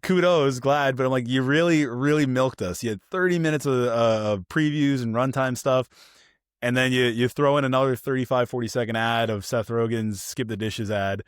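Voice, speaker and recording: A man co-hosting a podcast, chatting casually about films and acting out the people in his stories with lively energy. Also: mid-range voice, brisk, clean tone, no echo, clean studio sound. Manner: animated storytelling, acts out quoted people. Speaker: podcast co-host. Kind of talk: casual film review chat.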